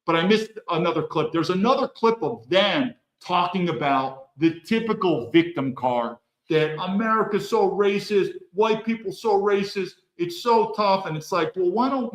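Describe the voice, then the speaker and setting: A man's voice: high-pitched, animated, fairly quick, few pauses, reverberant, low-quality recording. A man from the United States hosting a solo livestream, rambling in heated rants and often restarting his sentences. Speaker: livestream host.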